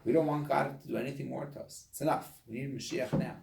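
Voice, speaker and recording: A man, a rabbi, teaching a study group in an animated way, acting out the voices of the people he talks about. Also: mid-range voice, fast, gravelly, reverberant, slight background noise.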